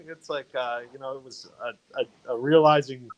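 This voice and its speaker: A man reminisces in a loose, rambling way on a video call, circling back with fillers and restarts as he tells his story. His pitch and tone sit in the everyday middle range for a man. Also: normal speed, hardly any pauses, low-quality recording. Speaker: fraternity brother sharing memories. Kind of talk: casual storytelling.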